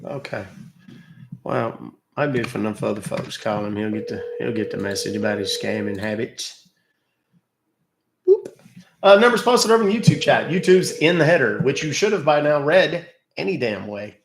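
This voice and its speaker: A man's voice: medium pitch, expressive, normal speed, gravelly, roomy sound, slight background noise, poor audio. A man hosting a casual live stream, talking in a sarcastic, teasing, chatty way. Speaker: scam-baiting live streamer.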